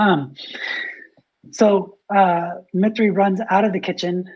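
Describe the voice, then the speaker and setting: A woman's voice: medium pitch, fairly even intonation, a little slow, muffled recording. A woman player in a tabletop game, hesitantly describing her character's actions.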